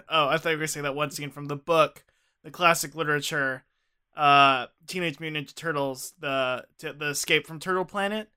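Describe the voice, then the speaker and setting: A man's voice: on the high side, steady tone, moderate pace, bright, forceful tone, clean tone. A man co-hosting a casual comedic podcast chat, rambling and laughing often. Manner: giggly, rambling, ironic. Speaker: podcast co-host.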